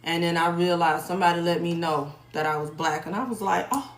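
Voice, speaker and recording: A woman's voice: fairly low pitch, fairly even intonation, brisk. A woman in her thirties or forties from New York, giving a casual tarot reading in a rambling, conversational way that repeats phrases. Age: 30s to 40s. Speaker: tarot reader. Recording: echoey room with background noise.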